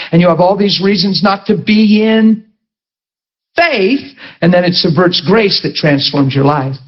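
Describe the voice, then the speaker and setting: A middle-aged pastor preaches in a chatty, animated way, mixing humorous stories with rhetorical questions to his listeners. His voice sits high for a man. The recording sounds dull and lo-fi.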